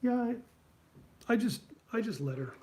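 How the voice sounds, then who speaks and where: A man doing an impression of an older male cartoonist who talks in a folksy, halting drawl and is quietly competitive. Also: extremely high pitch, sing-song, a little hiss or hum, pitched above the performer's own voice, full character voice. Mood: dry.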